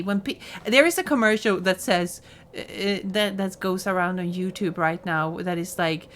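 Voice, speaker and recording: Bright-voiced Swedish woman ranting profanely. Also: medium pitch. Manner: profane, ranting, laughs a lot. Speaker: streamer. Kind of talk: casual chat.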